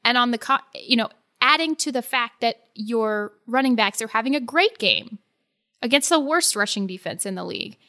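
A woman co-hosting a casual sports talk show, animated and quick to laugh as she acts out what others say. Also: fairly high pitch. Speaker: sports podcast co-host.

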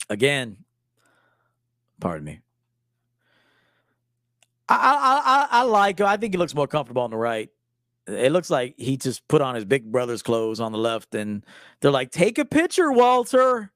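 A man's voice: medium pitch, very animated, unhurried, long pauses, fairly bright tone, no room sound, clean studio sound. A man in his forties, a style coach hosting a live stream, talking casually in a loose, joking, profane way. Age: 40s.

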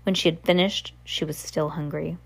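A woman's voice: deep voice, fairly even intonation, normal speed, vocal fry, husky. A woman reading a novel aloud in a casual, unpolished way, correcting herself as she goes. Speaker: reader.

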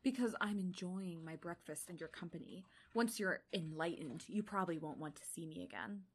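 A woman reading aloud the lines of a controlling, cryptic rich young man, in a low, measured, teasing way. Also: a little hiss or hum, close to an everyday voice.

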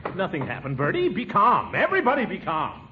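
An actor playing a pompous, excitable middle-aged official in 1940s radio comedy. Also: male voice, high-pitched. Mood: bossy. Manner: blustering, bombastic, quick to alarm. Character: pompous excitable middle-aged man, town water commissioner. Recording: muffled old radio broadcast with hiss.

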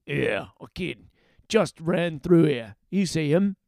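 A man voicing a stocky, threatening street thug in a read-aloud story, gruff and slow. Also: on the high side, lively intonation, a little mellow, no echo, studio quality, heavily acted. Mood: menacing.

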